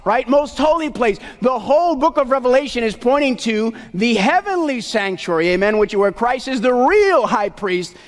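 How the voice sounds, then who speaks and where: A man from Puerto Rico with a very high voice preaches a sermon, loud and emphatic. He keeps calling out to the congregation for answers. His voice rings through a large hall with a long reverb. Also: very animated, normal speed, hardly any pauses.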